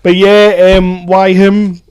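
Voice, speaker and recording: A man with a high voice talks through films with a friend on a podcast. He is chatty and sweary and laughs often. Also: flat delivery, slow, darkish tone, clean tone. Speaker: podcast co-host. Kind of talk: casual chat.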